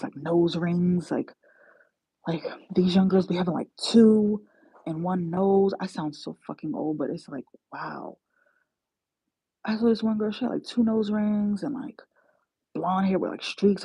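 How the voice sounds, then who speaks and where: Gravelly-voiced New woman chatting. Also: lowish voice, mellow, no echo. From New York. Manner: chatty, slangy, self-mocking, laughs often. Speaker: travel nursing aide, livestream host. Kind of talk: casual livestream chat. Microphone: phone. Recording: dull lo-fi phone audio.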